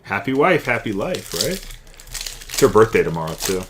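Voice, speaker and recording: A man's voice: fairly low pitch, very animated, moderate pace, a little hiss or hum. A young man hosting a live card-opening stream, chatting and calling out each card as he pulls it. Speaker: card break host.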